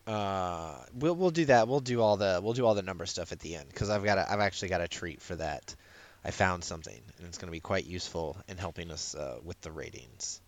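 A man co-hosting a podcast in casual chat, animated, laughing and often restarting his sentences. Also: sits low, a little fast. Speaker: podcast co-host.

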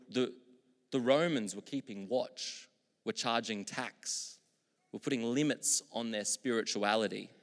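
A man preaching a sermon as pastor, moving between loud, emphatic proclamations and quiet, reflective asides. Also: mid-range voice. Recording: long hall reverb.

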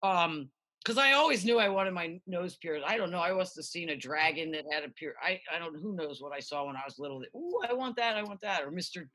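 Brisk and lowish-voiced, a middle-aged musician from the United States spins animated stories during an informal interview. She wanders off on tangents and swears freely.

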